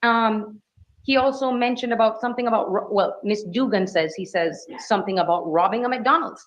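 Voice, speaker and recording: A woman's voice: medium pitch, a little fast, slight background noise. A woman attorney questioning a witness in court with firm, leading questions. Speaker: defense attorney. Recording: dull courtroom audio.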